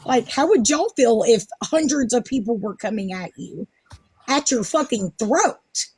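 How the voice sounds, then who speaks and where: A woman's voice: on the high side, expressive, a little slow, a little mellow, slightly rough. A woman hosting a casual live stream, ranting defensively and sarcastically, swearing often. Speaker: livestream host.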